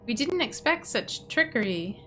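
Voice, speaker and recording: A woman's voice: a little high, big pitch swings, a little slow, bright, forceful tone, soft background music, heavily acted. A woman reading aloud the lines of a crusader survivor from a video game, in an earnest read-aloud way. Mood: grim.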